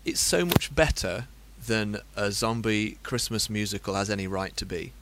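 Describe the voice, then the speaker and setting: A man's voice: fairly low pitch, expressive, normal speed, very noisy. Emphatic man hosting. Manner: emphatic, builds lists of points. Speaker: podcast host. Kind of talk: casual chat.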